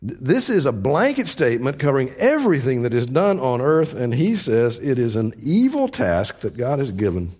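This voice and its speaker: A man's voice: mid-range voice, big pitch swings, moderate pace, few pauses, darkish tone, slightly rough. A man preaching a sermon, explaining scripture with earnest, emphatic repetition.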